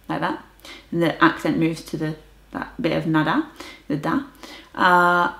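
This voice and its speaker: A woman's voice: fairly low pitch, measured pace, gravelly, pauses often. A young woman chatting casually in a vlog about her language learning, enthusiastic and trying out foreign words aloud. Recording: roomy echo.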